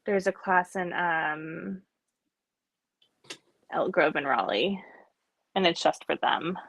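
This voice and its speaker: A woman's voice: on the low side, slow, vocal fry, a bit bright, dry recording. A woman guest chatting casually and playfully, telling stories with hesitant fillers. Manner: playful storyteller, slips into silly voices, hesitant fillers. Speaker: guest and class instructor. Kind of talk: casual chat.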